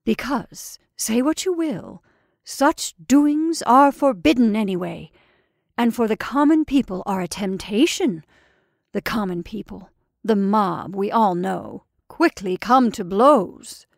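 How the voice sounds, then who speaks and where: A woman's voice: medium pitch, animated, slow pace, gravelly, no room sound, studio quality. A woman voicing a sly, wheedling male inn waiter who talks in a drawling, conspiratorial way and often drops to a whisper.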